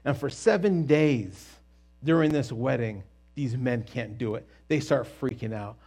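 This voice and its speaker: A man teaching a Bible story in a casual, animated and jokey way, with quick asides and restarts. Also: medium pitch, slightly rough.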